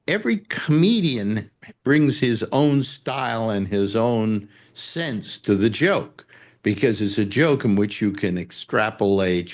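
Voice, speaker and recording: A man hosting a talk show, telling jokes and rambling stories in casual chat. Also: fairly low pitch. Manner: rambling storyteller, breaks into sung and acted voices. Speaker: radio talk show host.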